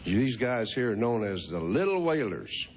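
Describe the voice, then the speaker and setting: A man's voice: lowish voice, big pitch swings, normal speed. A folksy man in his fifties, teasing and chuckling as he chats with kids. His voice rises and falls a lot, over a faint hiss of background noise. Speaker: host. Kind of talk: casual chat with children.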